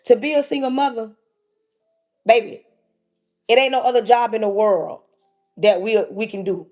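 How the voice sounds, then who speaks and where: A woman's voice: fairly high pitch, steady tone, moderate pace, long pauses, a little mellow, faint music behind. A woman hosting a livestream, giving an emphatic, preachy motivational talk and calling out straight to her listeners. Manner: emphatic, repetitive, calls out to listeners directly. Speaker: livestream host.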